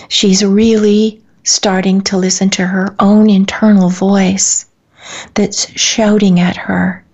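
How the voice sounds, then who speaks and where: Brief: female radio host, hushed husky delivery, dull lo-fi broadcast sound. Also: mid-range voice. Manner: soft, hushed, slow and soothing. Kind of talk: guided breathing and imagery exercise.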